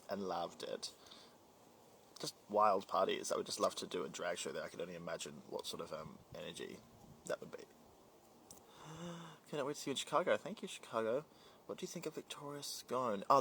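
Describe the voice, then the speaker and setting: Playful young kiwi guy reading comments out loud, lowish voice, bit of fry. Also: slight background noise. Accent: New Zealand with a slight British twang. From New Zealand. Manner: chatty, playful, scattered, reads comments aloud. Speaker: drag performer reading live comments. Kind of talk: casual livestream Q&A.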